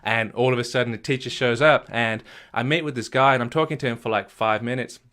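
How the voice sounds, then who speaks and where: A man's voice: medium pitch, steady tone, a little fast, a bit bright. A middle-aged man, a marriage coach, telling his own story earnestly, repeating phrases and restarting often. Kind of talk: personal story told to an audience.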